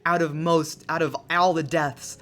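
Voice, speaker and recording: Excitable, jokey woman streamer. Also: low-pitched. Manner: excitable, jokey, quick asides. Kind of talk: casual let's-play chat. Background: soft lofi music.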